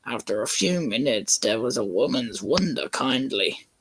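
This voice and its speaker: A man reads a script aloud slowly for laughs, with a gravelly edge and a lively, bouncing pitch. He jokes around and trips over words as he goes. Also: slight background noise. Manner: jokey, laughs at his own reading, stumbles over words. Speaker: fan channel host reading a script. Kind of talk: casual comedic reading.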